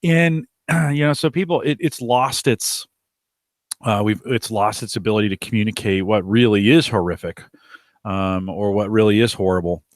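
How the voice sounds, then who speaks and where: A man in casual podcast chat, his voice sitting a little low. He rambles and restarts his sentences, recorded close and dry with no room sound. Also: moderate pace, dry recording. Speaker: podcast co-host.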